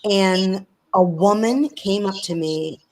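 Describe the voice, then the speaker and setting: A woman's voice: medium pitch, takes it slowly, a little mellow, poor audio. Female interview guest, earnest storyteller, video call sound. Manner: earnest, storytelling, many restarts. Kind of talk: casual conversation.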